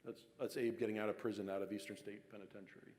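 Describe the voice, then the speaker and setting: A man's voice: on the low side, flat delivery, quick pace, darkish tone, a little hiss or hum. A man from giving a casual public talk on local history, telling the story conversationally with fillers and restarts. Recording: long hall reverb.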